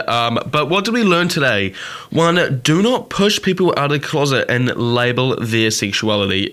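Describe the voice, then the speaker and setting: On his solo podcast, this man speaks earnestly and passionately, his pitch rising when he gets worked up. His tone is a bit bright.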